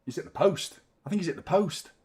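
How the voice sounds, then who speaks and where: Excitable football fan. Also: male voice, high-pitched, fast. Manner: excitable, swearing, chanting along. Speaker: fan channel host. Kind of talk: live football watchalong commentary.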